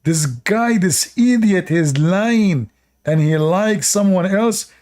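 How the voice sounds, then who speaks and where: A man's voice: high-pitched, animated, slow pace, a little mellow. A man giving sarcastic commentary while reading religious stories aloud, often laughing at them. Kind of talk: mocking commentary on religious texts.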